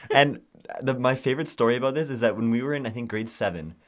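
A young man co-hosting a podcast, chatting casually and telling animated stories full of fillers. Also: mid-range voice, fast. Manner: animated storytelling with lots of fillers. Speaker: podcast co-host. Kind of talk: casual chat.

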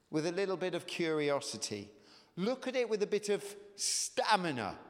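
Brief: male preacher, high-pitched, chatty sermon with an echoey hall sound. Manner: conversational, with hesitant fillers and rising emphasis.

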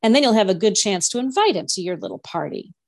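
A woman's voice: medium pitch, big pitch swings, normal speed, no room sound, studio quality. A woman voicing a poised, condescending teenage older sister who speaks with a superior air.

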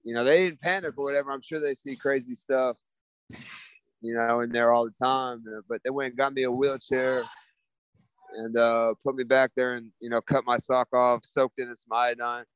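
A man's voice: medium pitch, fairly even intonation, normal speed, fairly bright tone, smooth, no echo, low-quality recording. A laid-back young man telling a story in a casual interview, rambling with lots of fillers. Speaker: guest, former football player.

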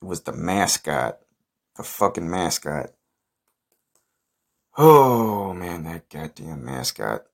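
Low-voiced young dude, deadpan podcast storyteller, swears a lot, brags and rambles. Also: male voice, slow pace, vocal fry, long pauses. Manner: profane, boastful, rambling with fillers. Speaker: podcast host.

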